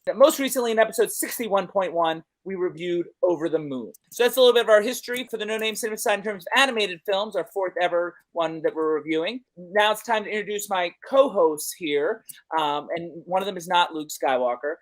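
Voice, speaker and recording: A man's voice: sits high, fairly bright tone. A man hosting a film review show, chatty and upbeat with a joking manner. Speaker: host. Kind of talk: casual podcast chat.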